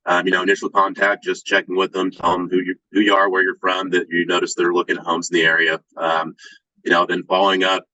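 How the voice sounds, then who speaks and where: A man presenting examples in a training call, hesitant and filling pauses with "you know" and "um". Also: low-pitched, monotone, sharp tone, dry recording, low-quality recording. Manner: hesitant, many fillers.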